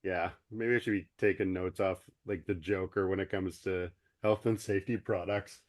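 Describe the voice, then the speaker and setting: A man's voice: low voice, steady tone, moderate pace, no echo, studio quality. A man co-hosting a podcast, chatting casually and jokingly about a cartoon episode in an easygoing way. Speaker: podcast co-host.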